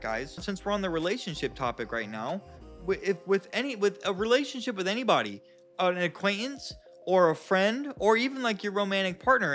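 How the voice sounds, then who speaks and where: A man's voice: sits high, fairly bright tone. A man giving blunt, casual advice straight to his viewers, calling them guys and bro. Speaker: self-help vlogger. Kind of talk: casual direct advice to camera.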